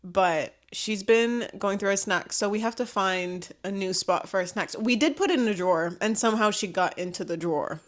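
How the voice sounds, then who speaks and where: A woman's voice: mid-range voice, moderate pace, hardly any pauses. A young woman co-hosting a podcast in a studio, chatting casually and laughing often. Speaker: podcast co-host. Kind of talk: casual chat. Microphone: studio mic.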